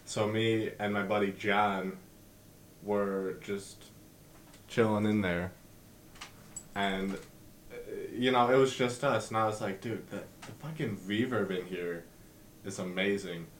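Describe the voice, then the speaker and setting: A man's voice: on the low side, steady tone, slow, pauses often. A man co-hosting a podcast, telling stories in a laid-back way, swearing casually. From Canada. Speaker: podcast co-host. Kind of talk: casual storytelling. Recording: roomy with faint noise.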